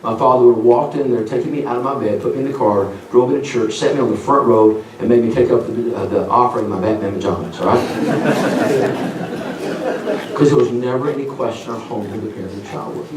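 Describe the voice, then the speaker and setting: A man's voice: medium pitch, fast talker, hardly any pauses, noisy background. A middle-aged man preaching a revival sermon in a folksy storytelling way. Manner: folksy storytelling, acts out voices. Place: church sanctuary. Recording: roomy church hall from a distant mic.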